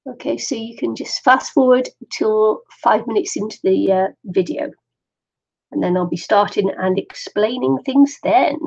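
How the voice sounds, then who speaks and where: Chatty woman, middle-aged, craft stream host, gravelly, muffled lo-fi sound. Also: medium pitch, unhurried, a little mellow. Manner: chatty, laughs often, talks to herself. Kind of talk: chatty live stream while waiting for viewers. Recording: dull lo-fi live stream audio.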